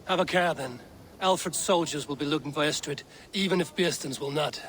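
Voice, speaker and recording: A man voicing a calm Viking raider leader in a video game, measured and plain-spoken. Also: fairly high pitch, close to an everyday voice. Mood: steady.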